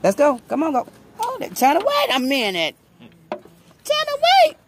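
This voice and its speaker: A woman, vlogging at home on her phone in loud, profane, laughing banter. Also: high voice, huge pitch swings, fairly quick, background noise. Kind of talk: casual home vlog. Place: home, indoors then outdoors at night.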